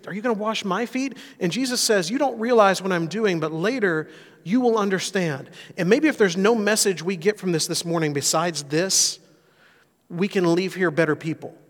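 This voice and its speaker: A pastor preaching a sermon, telling a personal story in an earnest, conversational way. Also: male voice, on the high side. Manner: earnest storytelling, rising intensity on key points. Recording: long hall reverb.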